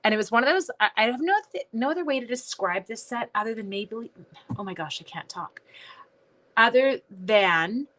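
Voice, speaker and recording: A woman's voice: a little high, animated, normal speed, fairly bright tone. A woman hosting a live-streamed stamping class, chatting casually into her phone, greeting viewers by name and correcting herself as she goes.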